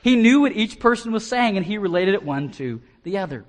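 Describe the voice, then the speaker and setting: An American man preaching an expository sermon as pastor, animated and often repeating words as he starts a phrase. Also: sits high, brisk. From United States.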